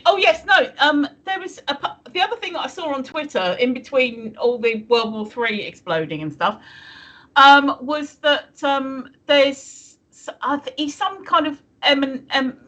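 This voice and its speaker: A woman's voice: fairly high pitch, sharp tone. A woman co-hosting a live stream chat show, rambling through restarts and fillers and laughing often.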